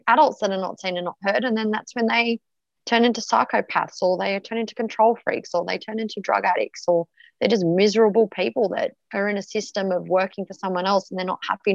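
A woman's voice: mid-range voice, creaky, no room sound, dull audio. A woman guest telling a personal story frankly, swearing freely and full of fillers and restarts. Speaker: podcast guest.

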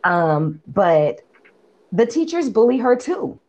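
A woman's voice: a little high, slow, highs cut off. Woman animatedly recapping a movie. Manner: animated, profane storytelling. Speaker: podcast co-host. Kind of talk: casual movie recap chat.

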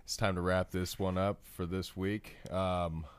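A man co-hosting a casual podcast, laid-back and quick to laugh. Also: low-pitched, level tone, smooth, dry recording. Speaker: podcast co-host. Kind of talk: casual chat.

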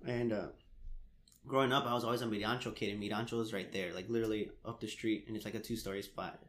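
A young man in casual chat, an animated storyteller who laughs often and swears casually. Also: on the low side, fast talker, slight background noise. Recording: echoey room.

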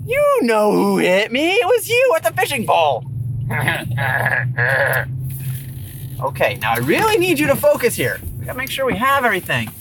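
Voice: medium pitch, fast, hardly any pauses, slight background noise, rough recording. A person playfully talking one side of a conversation with an imagined companion, patient and teasing in manner. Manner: animated, patient and teasing, like coaxing a child. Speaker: storyteller in a one-sided skit. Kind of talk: playful one-sided dialogue with an unseen zombie friend.

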